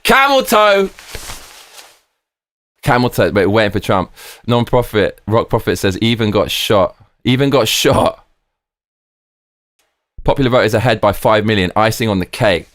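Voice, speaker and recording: A man hosting a live stream, excitedly reading viewer comments aloud and swearing freely. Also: fairly low pitch, normal speed, dry recording.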